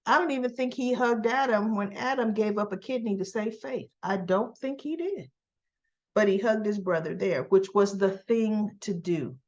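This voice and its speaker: A woman's voice: mid-range voice, moderate pace, a little mellow, lo-fi sound. A woman casually retelling a soap opera episode, chatty and quoting the characters as she goes.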